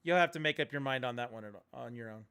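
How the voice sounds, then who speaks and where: A man's voice: mid-range voice, fast talker, bright, forceful tone, clear, resonant tone. A man streaming a video game, chatting casually and ranting bluntly, with some profanity. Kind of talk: casual livestream chat while gaming.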